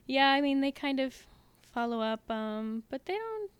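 A woman guest chatting candidly on a podcast, with a smooth, clear voice at a medium pitch. She laughs easily between thoughts, and the sound is dry and close to the mic. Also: sing-song, normal speed, no echo. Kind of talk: casual chat.

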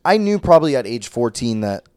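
A man's voice: medium pitch, very animated, brisk, darkish tone, clean tone, dry recording. A man from Minnesota, a guest in a casual podcast chat, telling personal stories candidly, with lots of fillers and laughs.

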